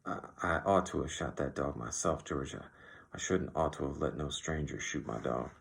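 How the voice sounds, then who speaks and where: A man voicing an old, regretful ranch swamper who talks in a halting, rueful way for an audiobook. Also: rumbling low, vocal fry, full character voice.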